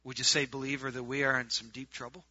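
A man preaching a sermon to a group, swinging from loud, urgent appeals to hushed, quiet stretches. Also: mid-range voice, flat delivery, fast talker, dry recording, highs cut off.

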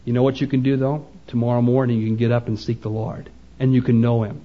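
A man's voice: medium pitch, little pitch movement, quick pace. A man preaching a sermon, telling a story in quoted dialogue and pressing his points with emphasis. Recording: dull lo-fi recording.

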